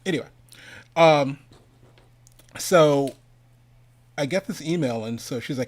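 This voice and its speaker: A man's voice: fairly high pitch, slow, pauses often. A middle-aged man hosting an online summit, telling a long casual story, rambling and cutting himself off, laughing often and slipping into other people's voices. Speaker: host of an online animation summit.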